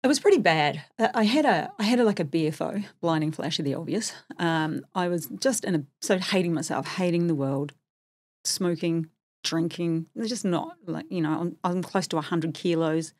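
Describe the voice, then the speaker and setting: Husky New woman, candid and chatty. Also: fairly low pitch, normal speed, a little mellow. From New Zealand. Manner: candid, self-deprecating, chatty. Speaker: podcast guest. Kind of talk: casual interview storytelling.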